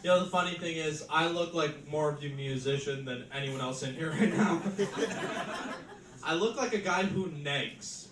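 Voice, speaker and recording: A man's voice: fairly high pitch, measured pace, recorded from a distance. A male stand-up comedian opening his set with wry, self-deprecating observational jokes. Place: live comedy venue. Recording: echoey live room with noise.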